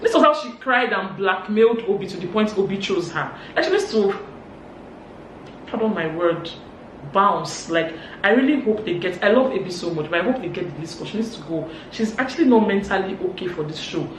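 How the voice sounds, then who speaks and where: Nigerian woman gossiping, lively with quotes, roomy echo, faint hum behind. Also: a little fast, far from the mic. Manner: animated, acts out quotes in higher voices. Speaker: vlogger. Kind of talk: casual gossip recap.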